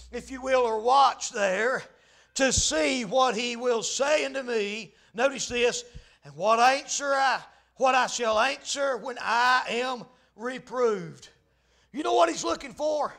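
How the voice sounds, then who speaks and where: A man preaching a fervent sermon, punctuating lines with "amen" and shouting in bursts. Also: very high voice, vocal fry.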